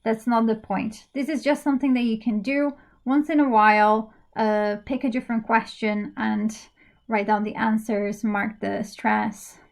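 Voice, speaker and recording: Give me a woman with a slightly high voice giving a patient exam-prep lesson, full of fillers. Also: steady tone, unhurried, gravelly. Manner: patient, step-by-step instruction with many fillers. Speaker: English teacher.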